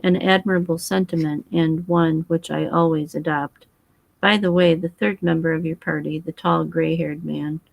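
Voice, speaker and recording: A woman voicing a precise, fussy foreign male detective who speaks in formal, measured phrases. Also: low voice, fairly even intonation, gravelly, dry recording.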